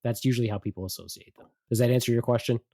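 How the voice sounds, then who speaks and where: A blunt man co-hosting a podcast, emphatic and teasing. His voice sits at a middle pitch and is recorded dry and close. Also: fairly even intonation, racing, creaky, dark tone, no echo. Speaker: podcast co-host. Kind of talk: casual group chat.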